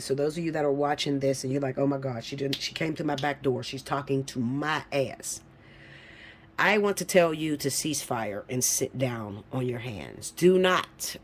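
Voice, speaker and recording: A woman giving a casual tarot reading to camera. She talks bluntly and swears a lot, with a teasing tone that swings from low mutters to high, loud bursts. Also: slight background noise. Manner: blunt, profane and teasing, breaks into laughs. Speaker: tarot reader.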